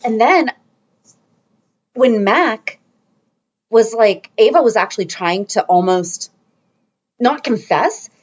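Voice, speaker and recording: A woman co-hosting a fan podcast in casual chat, animated and quick to laugh. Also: a little high, slightly rough. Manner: animated, laughs a lot, acts out scenes. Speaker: podcast co-host. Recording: dull lo-fi podcast audio.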